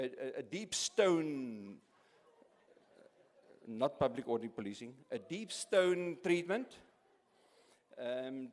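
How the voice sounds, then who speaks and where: A man running a charity auction at an awards evening, cracking jokes and often stopping to restart his words. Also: medium pitch. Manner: jokey, halting with many restarts and repeats. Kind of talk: live event MC, joking auction patter. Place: large event hall. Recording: echoey hall.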